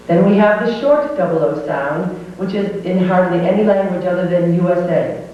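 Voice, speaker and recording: A woman teaching pronunciation who slowly models each vowel sound and patiently explains how the lips and jaw move. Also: fairly low pitch. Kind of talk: slow demonstrative pronunciation lesson. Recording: old VHS tape, distant roomy echo, dull with faint hum.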